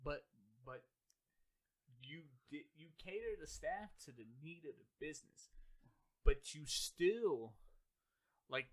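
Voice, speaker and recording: A man co-hosting a casual podcast, ranting with animated energy, lots of profanity and slang. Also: a little high, slow, pauses often. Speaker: podcast co-host. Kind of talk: casual chat.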